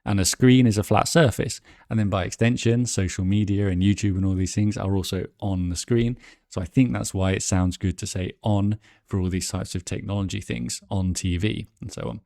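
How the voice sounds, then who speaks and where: A man's voice: fairly low pitch, steady tone, normal speed, vocal fry, a little mellow, dry recording, clean studio sound. A man teaching English exam grammar, chatty, thinking aloud and correcting himself as he goes. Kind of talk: explaining exam answers.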